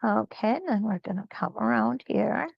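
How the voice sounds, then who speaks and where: A woman hosting a live quilt-along, talking slowly and reassuringly as she thinks aloud through each stitching step. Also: on the high side, vocal fry, slightly rough, no echo, dull audio. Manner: slow, reassuring, thinks aloud while sewing.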